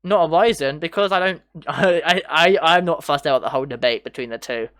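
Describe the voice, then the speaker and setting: A man's voice: fairly high pitch, brisk, a bit bright, smooth, no room sound. A man streaming a train simulator, chatting casually and answering his chat with frequent laughs. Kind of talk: casual livestream commentary.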